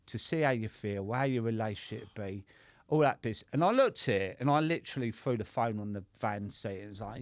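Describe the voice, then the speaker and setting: Speaking with a fairly low pitch, this middle-aged man talks briskly and with animation, recorded without echo. He's a sobriety coach guesting on a podcast, spinning his story casually, swearing freely and frequently asking "right?".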